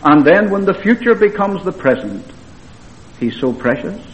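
A man voicing a dying woman in her nineties, gentle and devout, speaking softly, weak but clear. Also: high-pitched, very animated, moderate pace, a little hiss or hum, voice pushed up, poor audio. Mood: tender.

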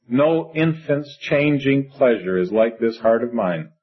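A man's voice: medium pitch, expressive, a little slow. A middle-aged man preaching a sermon, reading scripture in old-fashioned wording and breaking into earnest conversational asides. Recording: dull lo-fi recording.

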